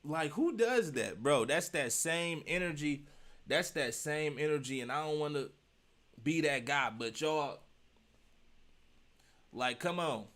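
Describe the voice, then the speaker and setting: A man's voice: a little high, expressive, slow pace, long pauses, fairly bright tone. A man giving casual reaction commentary, emphatic and slangy, firing off rhetorical questions and repeating his points. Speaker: streamer reacting to a video.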